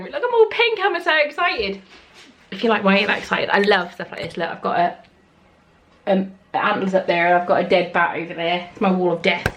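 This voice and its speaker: A British woman vlogging a casual unboxing in her kitchen at home, excitable and full of gasps, squeals of delight and frequent swearing. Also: medium pitch.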